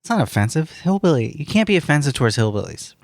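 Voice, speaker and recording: A young man chatting casually on a podcast, rambling from one thought to the next and swearing freely. His pitch swings widely as he talks, and laughter keeps breaking in. The sound is dry and close, with no room around it. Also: sing-song, fast talker, dry recording. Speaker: podcast co-host. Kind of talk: casual chat.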